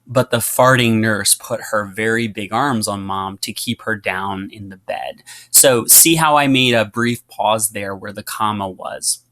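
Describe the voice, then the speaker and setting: A man teaching a writing lesson, explaining patiently with frequent fillers and reading example passages aloud with lively emphasis. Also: mid-range voice.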